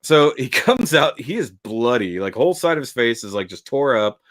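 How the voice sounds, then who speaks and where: A man co-hosts a casual review discussion, talking in an animated, jokey way with plenty of swearing. His voice sits at an ordinary middle pitch. The recording is dry and close. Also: normal speed, dry recording. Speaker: co-host.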